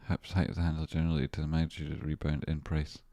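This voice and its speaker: A man's voice: rumbling low, flat delivery, racing, warm tone, no echo, studio quality. A man hosting a trading livestream, talking casually through charts in a rambling, profane way with chatty asides to viewers. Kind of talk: casual live-stream chart commentary.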